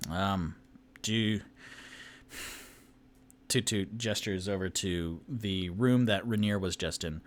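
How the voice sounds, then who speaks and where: A man running a tabletop game on his own, narrating slowly in an easygoing way. He often pauses to hunt for words and corrects himself as he goes. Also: low voice. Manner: rambling, with fillers and self-corrections. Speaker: game master.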